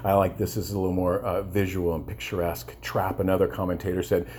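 A man's voice: low-pitched, flat delivery, fast, a little mellow, a little hiss or hum. A man preaching a sermon with passion, often repeating words and asking his listeners for agreement. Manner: passionate, repeats words and restarts, asks the congregation "amen?". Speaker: pastor.

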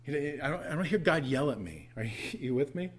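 A man's voice: a little high, lively intonation, brisk, husky. A man preaching an earnest, tender sermon in a church as the pastor.

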